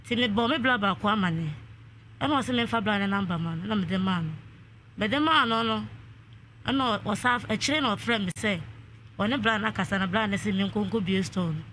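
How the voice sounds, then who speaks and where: On a radio call-in, a woman with a fairly quick, slightly bright, mid-range voice recounts a lengthy family feud, repeating others' words as she goes. Some hiss or hum is audible.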